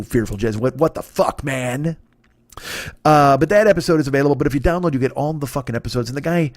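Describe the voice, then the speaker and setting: A man's voice: mid-range voice, no echo. A man hosting a comedy podcast, rambling and profane through a casual ad read.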